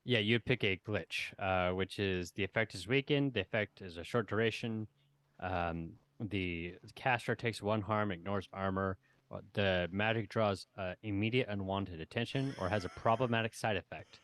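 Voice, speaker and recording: A man playing a tabletop game, casually explaining the rules and halting with restarts. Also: fairly low pitch, a bit bright, no echo. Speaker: player.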